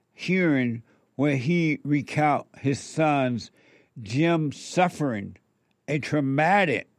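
A man's voice: mid-range voice, slow pace, no room sound. A man giving commentary, drawing out words with sermon-like emphasis. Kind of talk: slow, preachy commentary.

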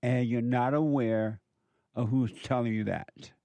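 A man giving an impassioned spiritual monologue, emphatic and repetitive, slowing down to stress his points. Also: mid-range voice, fairly even intonation, dark tone, dry recording, highs cut off. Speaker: speaker preaching about the devil.

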